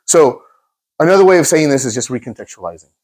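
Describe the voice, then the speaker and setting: An earnest man hosting a self-help coaching talk, speaking straight to his audience as "guys." He often restarts his phrases, in a mid-pitched voice. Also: expressive, quick pace, darkish tone. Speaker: host, coach.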